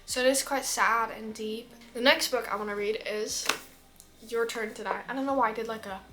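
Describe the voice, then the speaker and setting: Chatty teenage girl, somewhat high voice. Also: steady tone, normal speed, over music. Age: teens. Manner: chatty, rambling, full of fillers. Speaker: book vlogger. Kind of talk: casual chat.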